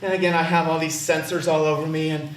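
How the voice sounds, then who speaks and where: A man's voice: fairly high pitch, little pitch movement, fast. Guy telling his own story on stage, dry self-mocking jokes, picked up from far off, faint room hum. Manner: wry, self-mocking humor. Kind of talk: live personal storytelling performance. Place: theater stage. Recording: roomy, distant stage recording.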